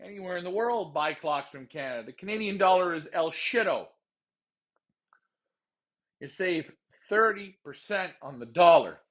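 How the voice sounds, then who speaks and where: A man hosting a pigeon racing show, ranting heatedly with lots of profanity and repetition, then calmly explaining how he handles his birds. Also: high-pitched, normal speed, long pauses, lo-fi sound. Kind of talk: casual livestream talk.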